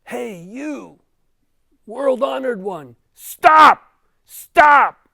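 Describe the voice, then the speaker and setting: A man voicing a fierce male bandit who yells and then pleads in confusion. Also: very high voice, expressive, extremely slow, creaky, no echo, clean studio sound, pitched above the performer's own voice, heavily acted. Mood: yelling. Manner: yelling, pleading.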